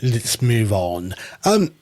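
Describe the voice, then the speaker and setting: A man co-hosting a podcast news show, briskly introducing stories and moving things along. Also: lowish voice, very animated, a little mellow. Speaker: podcast co-host. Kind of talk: casual news chat.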